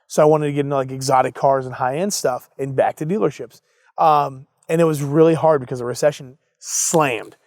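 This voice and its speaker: A man's voice: on the high side, steady tone, quick pace, no echo, clean studio sound. A young adult man, an entrepreneur guest in an interview, telling his story casually and acting out both sides of past conversations.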